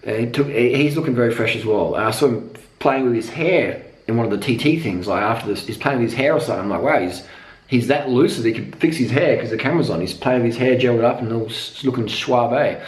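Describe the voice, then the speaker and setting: A man delivering a profane, rambling cycling rant with emphatic repetition. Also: mid-range voice. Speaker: cycling vlogger. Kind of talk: unscripted monologue rant. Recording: echoey room.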